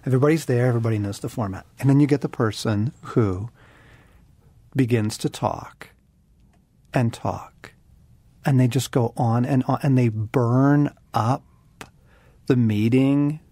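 A man's voice: mid-range voice, measured pace, long pauses, warm tone, dry recording. A man co-hosting a Christian talk show, speaking earnestly and reflectively and addressing the listeners as friends. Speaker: co-host.

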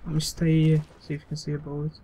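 A man playing a co-op shooting game with a friend, playful and given to loud bursts. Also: fairly high pitch, completely flat delivery, fast talker, a little hiss or hum, poor audio. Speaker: gamer, co-host. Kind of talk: casual co-op gameplay commentary.

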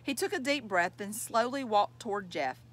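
A woman narrating a children's chapter book in a measured, clear storytelling manner. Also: medium pitch, expressive. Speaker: audiobook reader.

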